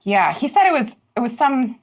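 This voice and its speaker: A woman playing a tabletop game, animated and giggly as she narrates her character. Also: on the high side, moderate pace, slight background noise. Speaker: player.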